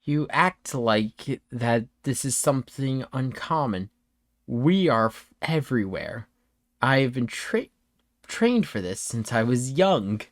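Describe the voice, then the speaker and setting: Guy doing a creepy cat-folk cultist officer, low slow menacing voice, dry sound. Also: animated, no echo. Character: sinister male cat-folk lieutenant cultist.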